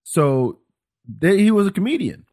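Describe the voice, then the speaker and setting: A man from France with a French accent, hosting a podcast in casual chat, animated and swearing freely, with many restarts. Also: high voice, unhurried. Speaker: podcast host.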